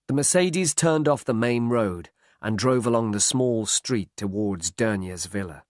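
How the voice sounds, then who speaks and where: Slow, clear male story narrator. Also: on the low side, expressive, darkish tone, dry recording, clean studio sound. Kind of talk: scripted story narration for learners.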